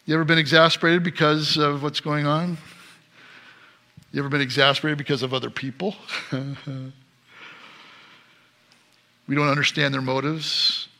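A middle-aged man preaching a sermon as pastor, swinging between loud emphatic passages and soft quiet ones. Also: fairly high pitch, level tone, moderate pace, gravelly, long pauses.

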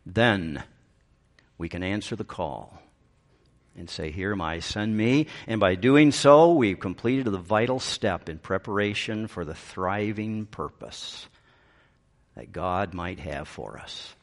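A man's voice: deep voice, lively intonation, takes it slowly. A middle-aged man preaching a sermon as pastor, swinging up to emphatic peaks and dropping into dry, self-aware humor.

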